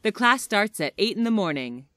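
A woman reading short everyday English phrases one by one for listening practice, with careful, expressive enunciation. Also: mid-range voice, normal speed, dry recording, studio quality.

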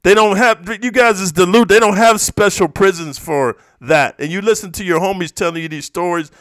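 Profane high-voiced man ranting. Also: fairly quick, dry recording, clean studio sound. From eastern United States. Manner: profane, confrontational, says "bro" constantly; swings between low muttering and loud outbursts. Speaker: YouTuber reacting to comments. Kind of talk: heated ranting monologue.

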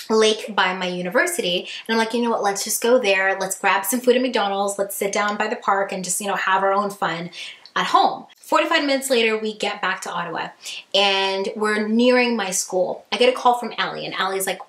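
A young woman recounting a story to her viewers in an animated, expressive way, jumping into quoted lines with lots of feeling. Her voice sits at an ordinary middle pitch. The room around her is audibly echoey. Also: moderate pace. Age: young adult. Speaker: vlogger. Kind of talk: casual storytime.

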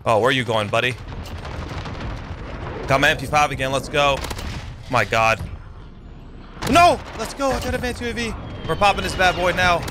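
Excitable young man over loud gunfire. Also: mid-range voice, moderate pace, pauses often, noisy background. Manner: excitable, yelps and swears during fights. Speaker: gaming YouTuber. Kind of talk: live gameplay commentary. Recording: game gunfire loud under the voice.

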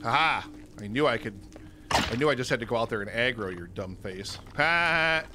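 A man hosting a gaming channel, chatting casually and excitably through his own gameplay and laughing at himself. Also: fairly low pitch, fairly quick, background noise. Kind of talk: casual let's-play commentary.

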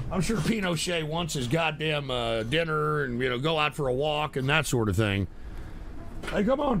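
A man hosting a call-in show, loud, abrasive and swearing as he banters with callers. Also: a little high, a little hiss or hum. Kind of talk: profane call-in radio banter.

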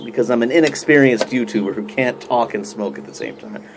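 A man's voice: mid-range voice, a little fast, background noise. A man talking casually to camera in a joking mock roast, rambling with many fillers and restarts. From United States. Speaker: YouTube pipe-smoking vlogger.

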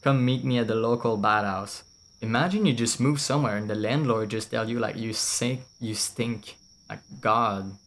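A man's voice: on the low side, normal speed, a bit bright. A man, casually commentating a game while streaming, blunt, swearing and laughing often. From France. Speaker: VTuber streamer.

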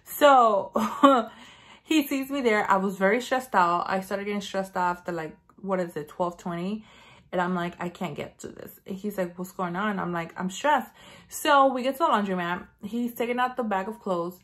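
Woman vlogger rambling on about her day, lots of like, acts out what she said, mid pitch. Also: moderate pace. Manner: chatty, rambling storytelling with lots of "like"; animated, acts out her own lines. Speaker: beauty vlogger. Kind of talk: casual chat.

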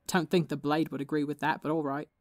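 A woman's voice: low-pitched, flat delivery, fast talker, darkish tone, no echo, studio quality, close to an everyday voice. A woman voicing a hot-tempered, tired young man who talks in a snappish, profane way. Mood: resigned.

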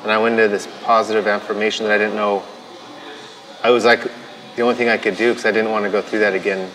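A man, a tattoo artist, telling his story in a documentary interview, halting and restarting often and quoting his own thoughts. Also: lowish voice, flat delivery, fairly bright tone, poor audio. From United States.

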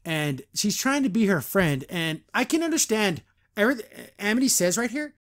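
Chatty high-voiced young man. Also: big pitch swings. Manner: chatty, quotes characters in quick voices, frequent laughs. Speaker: podcast host reviewing a cartoon. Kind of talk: casual reaction commentary.

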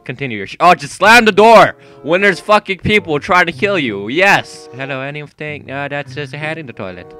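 A young man giving jumpy, profane commentary while playing a horror game, yelping and shouting when startled. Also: fairly high pitch, expressive, normal speed, few pauses, faint music behind. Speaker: gaming YouTuber. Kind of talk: horror let's-play commentary. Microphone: gaming mic with headphones.

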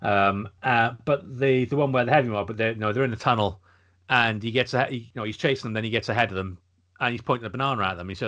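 A man's voice: mid-range voice, fairly bright tone. A man co-hosting a podcast, chatting casually and rambling with lots of agreement. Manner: rambling, restarts, quick agreement. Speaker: podcast co-host. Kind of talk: casual chat.

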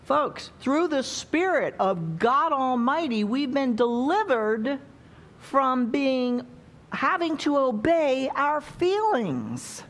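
A woman's voice: high voice, sing-song, takes it slowly. A woman preaching a sermon in a conversational way, often checking in with the congregation by asking questions.

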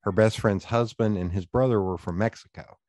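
A man with a Southern East Tennessee accent, hosting a podcast and telling animated stories in casual chat, swearing freely. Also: fairly low pitch, brisk, no echo. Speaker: podcast host.

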